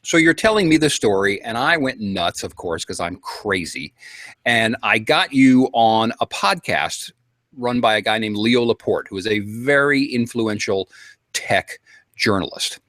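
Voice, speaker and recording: Animated indignant male storyteller. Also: fairly low pitch, a little slow, no echo. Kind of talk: casual storytelling to a panel.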